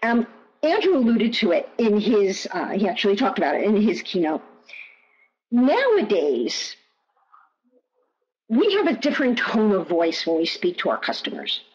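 A woman's voice: mid-range voice, huge pitch swings, moderate pace, pauses often, a little mellow. A woman presenting in a webinar, answering questions in an emphatic way and repeating key phrases. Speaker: guest presenter. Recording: muffled online audio.

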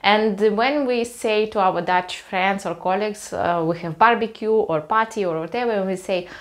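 A young woman from Russia speaking English with a Russian accent, chatting casually to camera and pausing often to find her words. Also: mid-range voice. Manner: halting, searching for words, laughs at herself. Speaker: vlogger.

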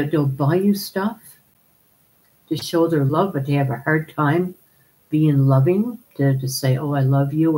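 A woman's voice: deep voice, mellow, low-quality recording. A woman hosting a live stream, chatting casually, laughing often and calling viewers darling as she reads their comments.

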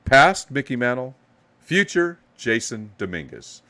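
A man's voice: mid-range voice, sing-song, measured pace, sharp tone. A man hosting a live card box break, hyping each card as he pulls it and giving players playful nicknames. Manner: hype, calls out cards with playful nicknames.

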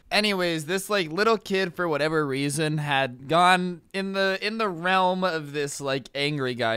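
Young man, storytime vlogger, bright and crisp, dry close mic, chatty. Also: medium pitch, no room sound. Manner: chatty, filler-heavy, acts out quoted people. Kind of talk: casual storytelling over gameplay.

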